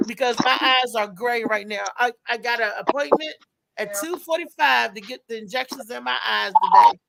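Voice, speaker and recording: A middle-aged woman hosting a live talk show in an animated, laughing way. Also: a little high, normal speed, creaky, a little hiss or hum. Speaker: show host. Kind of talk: casual live show chat.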